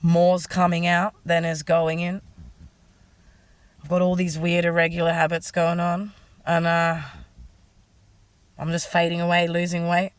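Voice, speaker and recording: A woman's voice: fairly low pitch, completely flat delivery, unhurried, pauses often, no room sound. An Australian woman giving a rambling, distressed, frank personal monologue. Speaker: vlogger.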